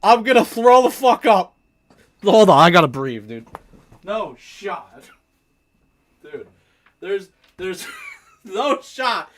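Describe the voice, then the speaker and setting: A young man livestreaming a game, talking casually and excitably, laughing a lot and swearing freely. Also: sits high, slow pace, pauses often, no room sound. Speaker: streamer. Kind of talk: casual live-stream reaction commentary.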